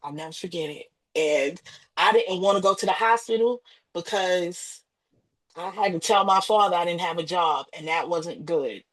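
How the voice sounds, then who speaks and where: A woman's voice: on the low side, moderate pace. A woman, a podcast guest, telling an emotional personal story, acting out the voices of family members and repeating herself. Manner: animated retelling with acted quotes and repetition.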